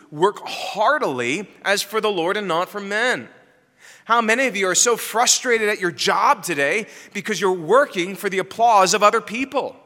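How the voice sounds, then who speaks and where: A man delivers a sermon in a bright, ringing voice, pitched fairly high for a man. He preaches emphatically, pressing his listeners with rhetorical questions. His voice carries a long reverb from a large church hall. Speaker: pastor.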